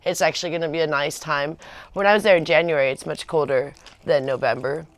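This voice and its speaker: Chatty low-voiced woman vlogger. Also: fairly quick, dry recording. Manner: chatty and rambling, many fillers and restarts. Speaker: vlogger on a livestream. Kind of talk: casual livestream chat.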